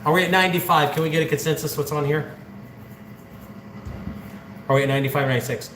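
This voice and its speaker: A man from central Ohio talks casually on a livestream, joking and counting bills aloud. His voice sits a little high. The room sounds echoey, with a faint hum of ambience behind him. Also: steady tone, fast, fairly bright tone. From central Ohio, USA. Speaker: livestreaming channel host.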